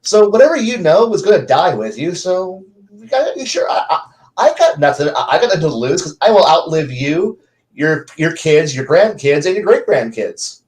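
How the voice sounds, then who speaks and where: A man playing an ancient male dragon in a tabletop game, aloof and scornful of the heroes at his feet. He talks slow and low-key, like they bore him, in a fairly high voice for a man. Dismissive, drawn-out lines. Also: big pitch swings, a little mellow, rough recording. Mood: condescending. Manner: bored, dismissive, drawn-out speech.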